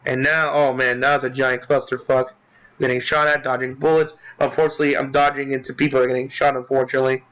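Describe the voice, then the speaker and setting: A man casually recapping a game he played, rambling with lots of filler words and restarts, swearing as he gets excited. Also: mid-range voice, fast talker, poor audio. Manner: profane, excitable. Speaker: gaming commentator.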